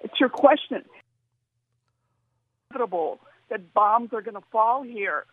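A woman's voice: fairly high pitch, animated, unhurried, husky, no echo. A woman calling in to a radio show over the phone, insistent and repeating her phrases. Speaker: radio caller. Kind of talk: phone-in call. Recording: phone line.

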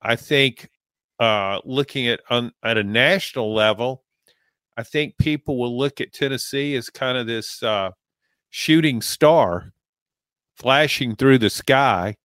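Measured male college football analyst. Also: mid-range voice, fairly bright tone, clean tone, no echo, studio quality. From Louisiana, American South. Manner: measured, reflective, with frequent fillers. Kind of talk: sports talk commentary.

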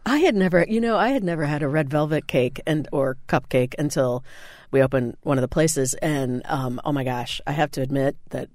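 A chef guest in casual chat, eager and full of exclamations. His voice sits a bit high for a man, and the recording is dry with no room echo. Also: a little fast, hardly any pauses, darkish tone.

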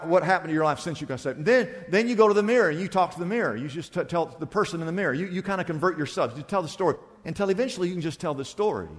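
A male pastor preaching a sermon, acting out back-and-forth dialogues in a lively, conversational way. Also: on the high side, big-room sound.

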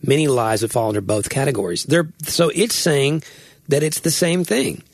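A man in his thirties chats on a podcast in a slightly husky voice, recorded close and dry. He is chatty, laughs easily and leaves sentences hanging. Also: mid-range voice, moderate pace, no echo. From Southern United States. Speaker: podcast co-host. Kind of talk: casual chat.

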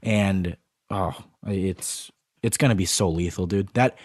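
A young man co-hosting a sports podcast, talking fast with lots of restarts and stumbles. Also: low voice, no room sound, studio quality. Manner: stumbling restarts, breathless disbelief. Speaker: podcast co-host. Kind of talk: excited sports podcast chat.

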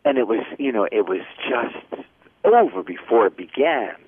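A man's voice: mid-range voice, sing-song, normal speed. Older man joking down a phone line. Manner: chatty, jokey storyteller. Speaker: guest. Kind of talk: casual chat.

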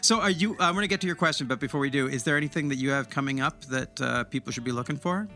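A man hosts a relaxed podcast conversation, talking eagerly about films and actors. His voice is bright and forceful, and he often restarts sentences mid-thought. Faint music sits underneath. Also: medium pitch, quick pace. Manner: chatty, enthusiastic film talk with many restarts. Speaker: podcast host. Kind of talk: casual interview chat.

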